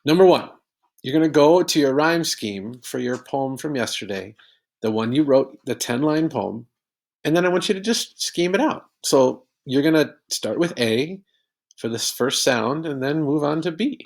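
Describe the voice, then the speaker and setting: A man's voice: a little high, lively intonation, moderate pace. A man teaching a recorded poetry lesson, patiently explaining step by step with examples.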